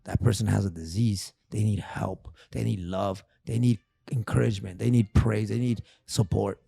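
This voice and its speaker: A man's voice: on the low side, fairly even intonation, moderate pace, gravelly, dark tone, breathy edge, no echo. A man guest telling a personal story on a casual podcast, emotional and profane, repeating phrases. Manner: repeats phrases, calls host big dog. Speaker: therapist guest.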